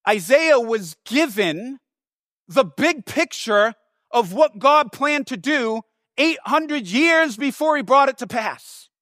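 A man preaching a sermon in an animated, emphatic way, with casual asides and restarts, and repeating words for stress. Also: very high-pitched, slow, no echo, studio quality.

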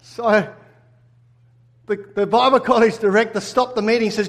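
A pastor telling a personal story in a sermon, animated and acting out his own replies. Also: high voice, normal speed.

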